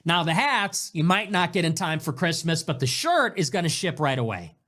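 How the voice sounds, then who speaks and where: A man hosting his own show in a casual monologue, animated and sarcastic, jumping between loud bursts and low mutters. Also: normal speed. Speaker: show host.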